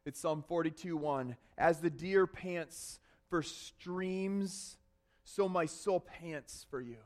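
A man preaching a sermon, telling a personal story with animated swings between loud bursts and hushed confessions. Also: fairly high pitch, slow pace. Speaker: pastor.

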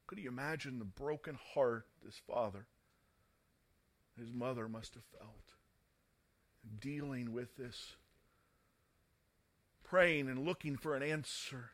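A man's voice: medium pitch, slow, long pauses, fairly bright tone. A man preaching a sermon in a dramatic manner, reading scripture and rising to fervent emphasis.

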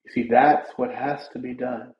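A man's voice: medium pitch, fairly even intonation, moderate pace, echoey room, muffled recording. A male pastor preaching a sermon in an earnest, conversational way, his voice rising for emphasis.

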